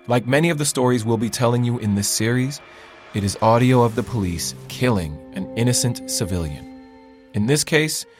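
A man co-hosting a podcast, speaking in a solemn, measured and deliberate way. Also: on the low side. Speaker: podcast co-host. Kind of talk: earnest podcast narration.

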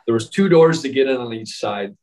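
A man's voice: medium pitch, lively intonation, brisk, a little mellow, poor audio. A man telling a story in casual chat, rambling with many fillers and frequent laughs.

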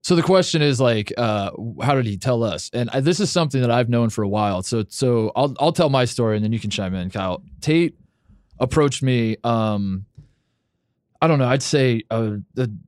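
A man's voice: medium pitch, animated, moderate pace, a little mellow, clean tone, no room sound, clean studio sound. A man hosting a podcast in casual chat, rambling with many restarts and casual swearing. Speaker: podcast host.

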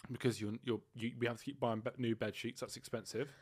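A man's voice: mid-range voice, fairly even intonation, quick pace, breathy edge. A young man, co-hosting a casual couple's podcast, joking crudely and trailing off mid-sentence. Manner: crude, joking, mumbles and restarts. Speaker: podcast co-host.

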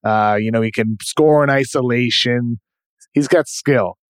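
A man with a New England accent hosting a basketball podcast, giving quick, informal rundowns of players. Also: medium pitch, smooth, no room sound. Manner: brisk, informal, rundown style. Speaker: podcast host. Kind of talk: casual basketball chat.

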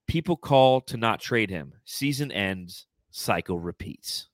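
A man's voice: on the low side, expressive, slow, dry recording, clean studio sound. A man hosting a casual sports podcast, reading out fan comments and laughing often. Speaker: podcast host.

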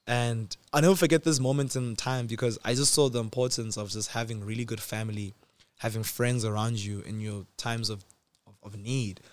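A man in his twenties telling a personal story in a casual, slangy way, swinging between loud excitement and quiet reflection. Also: medium pitch, no echo. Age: 20s.

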